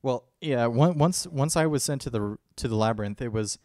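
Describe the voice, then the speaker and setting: A young man co-hosting a casual podcast, retelling a night out in a rambling, animated way and acting out what people said. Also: mid-range voice, moderate pace, dry recording, clean studio sound. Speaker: podcast co-host. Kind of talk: casual storytelling chat.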